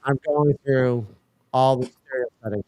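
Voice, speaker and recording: A man hosts a casual livestream and talks his viewers through a stubborn setup problem, muttering and swearing when it fails. His voice sits at a middling pitch. The sound is dry and close, with little room around it. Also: unhurried, darkish tone, no echo. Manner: muttering while troubleshooting, swears in frustration. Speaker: livestream host.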